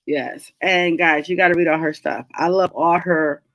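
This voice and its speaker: A woman's voice: low-pitched, fairly even intonation, moderate pace, a bit bright, no room sound. A woman hosting an online book club in a casual, chatty way, laughing often and a little congested from a cold. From New England. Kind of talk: casual chat.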